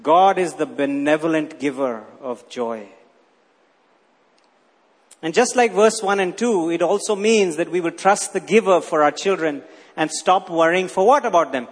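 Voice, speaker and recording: A man's voice: fairly high pitch, measured pace. A man preaching a sermon as pastor, emphatic and acting out quoted voices. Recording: long hall reverb.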